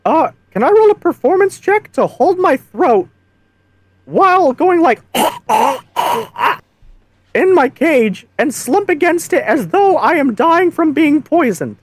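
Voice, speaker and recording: Excitable high-voiced woman player. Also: measured pace, no room sound. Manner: excitable, laughing. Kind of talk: casual tabletop play.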